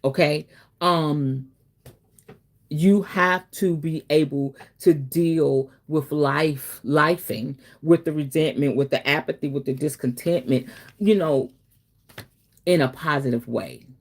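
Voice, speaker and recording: Woman host, lower voice, casual spiritual teacher, chatty and preachy. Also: takes it slowly. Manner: chatty, preachy, affectionate, says baby and okay often.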